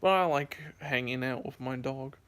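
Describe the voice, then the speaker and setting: Telling his viewers a meandering story on camera, this drowsy young vlogger uses lots of fillers and keeps starting over. He speaks at a moderate pace in a medium-pitched, slightly bright voice.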